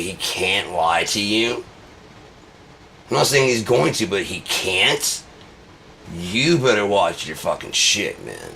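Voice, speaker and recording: A man's voice: low voice, a bit bright, a little hiss or hum. A man hosting his own channel, swearing through an angry rant and acting out both sides of arguments himself. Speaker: channel host. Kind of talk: angry ranting monologue.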